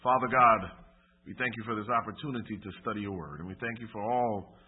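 Male preacher, husky and impassioned, emphatic pauses, heard on thin phone-like sermon audio. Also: lowish voice. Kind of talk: sermon and closing prayer.

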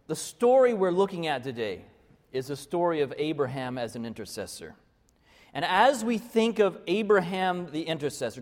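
A male pastor preaching a conversational, story-led sermon full of restarts. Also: mid-range voice. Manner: conversational, with many restarts and fillers. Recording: long reverb of a large hall.

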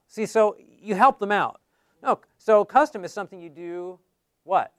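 High-voiced man teaching a Bible class. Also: animated, moderate pace, a bit bright, clean tone, dry recording, studio quality. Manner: conversational, asks the class questions.

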